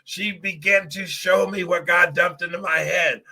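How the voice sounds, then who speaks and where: A middle-aged man hosts a podcast and tells a personal testimony straight to his listeners. His voice sits a little high, very bright and husky, and his delivery is earnest and emotional. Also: fairly even intonation, a little slow. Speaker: podcast host.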